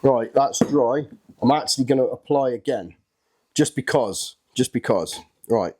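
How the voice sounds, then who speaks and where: A man at an ordinary middle pitch, chatting his way through a hands-on project for his own channel. He sounds excitable and a little jittery, thinking aloud and commenting on each step as he goes. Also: measured pace, breathy edge. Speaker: channel host. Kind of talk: casual hands-on workshop narration.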